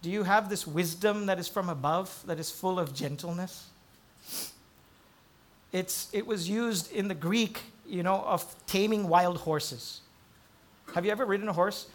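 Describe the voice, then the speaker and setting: A middle-aged man preaches from the pulpit in a notably high voice. He tells his stories in a hushed, low register, then builds to loud, rising emphasis on key points. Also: unhurried. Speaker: pastor. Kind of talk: sermon.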